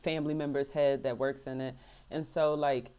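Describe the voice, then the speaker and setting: A woman hosts a relaxed interview, talking in a loose, slangy way. Her voice sits low for a woman. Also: normal speed, smooth. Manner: casual, slangy, reactive. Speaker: host. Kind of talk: casual interview chat.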